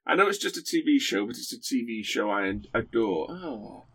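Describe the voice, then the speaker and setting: With a sing-song, slightly bright voice of medium pitch, a man guest-hosts a podcast at normal speed. He chats casually, dry in his humour, hesitant, and heavy on fillers.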